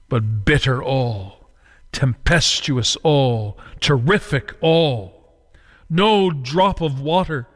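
A man preaching a sermon dramatically, moving between slow solemn phrases and quick urgent runs. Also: mid-range voice, long reverb tail.

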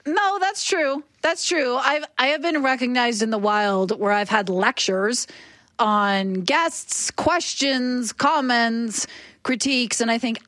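A woman hosting a morning radio show, telling stories in a chatty, animated way. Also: on the high side, slow, no echo. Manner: chatty, animated storytelling with laughter. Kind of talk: casual radio chat. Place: radio studio. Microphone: studio microphone.

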